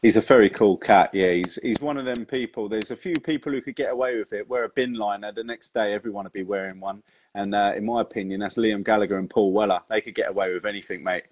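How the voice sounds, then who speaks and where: A man's voice: lowish voice, fast, a little mellow. A man hosting a chat show, friendly and matey with his guest. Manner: matey, calls guest "mate". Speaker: host. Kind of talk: casual chat.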